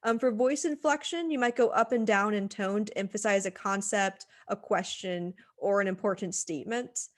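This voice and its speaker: A woman at a middle pitch teaches a lesson on presenting, speaking into a computer microphone. Her delivery is chatty and informal, full of "um"s and restarts as she explains each point. She sounds like an instructor talking to a class. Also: moderate pace, hardly any pauses. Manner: conversational, many "um" fillers and restarts. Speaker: writing center instructor. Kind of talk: recorded lecture on presentation skills.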